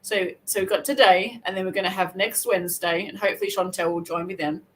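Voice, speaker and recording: An Australian woman hosting a casual crochet livestream, chatting and rambling with quick self-corrections. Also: medium pitch, fairly even intonation, fairly bright tone, slight background noise, low-quality recording. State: hair wet, just out of the shower. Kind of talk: casual live chat.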